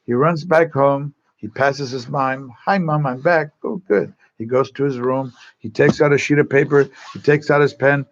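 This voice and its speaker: A man's voice: mid-range voice, steady tone, normal speed, few pauses, highs cut off. A man, a priest, telling a long joke on a TV talk show in a rambling, chatty way, often repeating himself.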